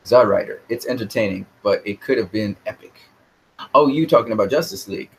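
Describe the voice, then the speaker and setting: Rambling, opinionated man with a lowish voice. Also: animated, a little fast, vocal fry, husky, low-quality recording. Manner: rambling, opinionated, repeats words. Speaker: live stream host answering chat. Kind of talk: casual live chat movie talk.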